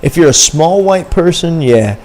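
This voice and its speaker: A man's voice: fairly high pitch, expressive, unhurried, darkish tone. Rambling slangy male streamer. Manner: rambling, slangy, talks to chat. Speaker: livestreamer. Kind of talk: casual stream chat.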